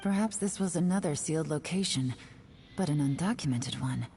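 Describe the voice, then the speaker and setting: An actress playing a calm, observant explorer in a game. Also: female voice, low-pitched, normal speed, soft background music.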